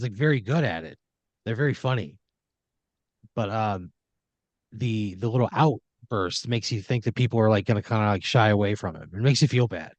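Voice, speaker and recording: Running an improv podcast, a man narrates a scene in second person, loose and rambling, sprinkled with "like" and "you know." His voice is medium in pitch, and the recording is dry and muffled.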